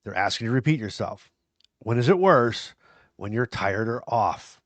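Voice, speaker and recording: A man's voice: medium pitch, animated, normal speed, no room sound. Man, podcast host, earnest, encouraging, affectionate, dry close sound. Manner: self-deprecating humor. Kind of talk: casual podcast talk to viewers.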